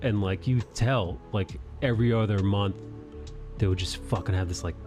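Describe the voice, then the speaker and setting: A man with a low voice hosts a laid-back live stream chat, swearing freely and laughing at his own stories. Faint music plays behind him. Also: moderate pace, a little mellow. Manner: crude, profane and laughing easily. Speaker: host of an art live stream. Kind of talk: casual chat.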